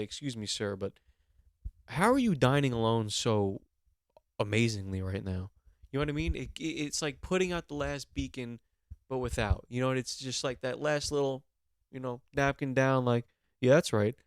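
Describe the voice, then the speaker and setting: A brash young man holds forth on a comedy podcast, issuing profane, mock-serious instructions. His voice is smooth and resonant, caught close in a dry, dead room at a middle pitch. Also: dry recording. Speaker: podcast co-host.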